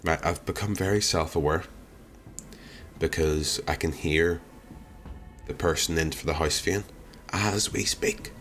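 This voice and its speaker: A man's voice: rumbling low, fairly even intonation, a little slow, long pauses, a bit bright, faint music behind. A young man chatting casually on a live stream, answering viewer comments in a rambling, wry, self-deprecating way. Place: home streaming room.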